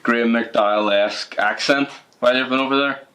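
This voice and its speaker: A man's voice: medium pitch, fairly even intonation, a little fast, fairly bright tone. A young man from Northern Ireland with a Northern Irish accent, hosting a podcast in a jokey, casual way. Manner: laughs often, jokey. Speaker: podcast host. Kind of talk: casual chat.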